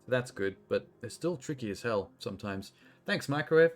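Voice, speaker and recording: A man's voice: medium pitch, lively intonation, a little fast. A man casually commenting as he plays a video game on a live stream, chatty and given to swearing and talking to himself. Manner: chatty, profane, self-talking while playing. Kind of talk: casual let's-play commentary.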